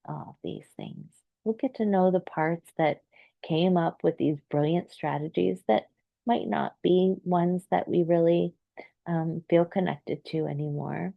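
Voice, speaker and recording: Low gravelly woman talking gently. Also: dry recording, phone-quality sound. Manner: gentle, meandering, many fillers. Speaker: therapist. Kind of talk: reflective solo talk.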